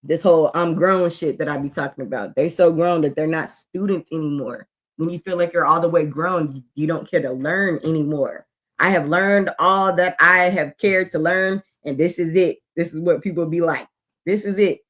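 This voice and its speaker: A woman's voice: sits low, moderate pace, a bit bright. A woman and mother co-hosting a casual podcast chat, laughing often and reflecting on parenting.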